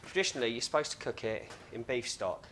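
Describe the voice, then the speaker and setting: A man's voice: mid-range voice, animated, fast talker, fairly bright tone, slight background noise. A man hosting a casual cooking demonstration in a home kitchen, chatty and joking with self-mocking asides. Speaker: cooking show host.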